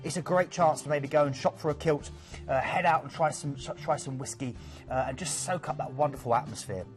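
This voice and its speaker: A man from the UK with a lively, chatty manner, presenting cruise destinations as a sales host and joking about himself. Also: fairly high pitch, a little fast, faint music behind. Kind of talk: enthusiastic sales pitch.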